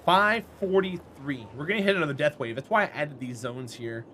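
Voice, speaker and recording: A man's voice: a little high, fairly quick, bright, forceful tone, a little hiss or hum. A man streaming a game and chatting casually with his viewers, friendly and talkative, answering chat by name and laughing often.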